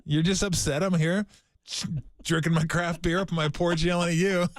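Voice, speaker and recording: A man's voice: fairly high pitch, steady tone, normal speed, dry recording, clean studio sound. Emphatic, ranting radio co-host man. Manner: ranting, emphatic, mock-grumpy. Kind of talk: casual studio banter. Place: radio studio. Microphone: studio microphone.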